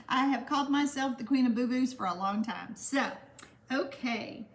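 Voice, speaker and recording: A woman's voice: sits high, expressive, takes it slowly. Giggly woman hosting a craft livestream. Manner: chatty and giggly, warm toward viewers. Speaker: stamping craft livestream host. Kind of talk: casual livestream chat reading viewer comments.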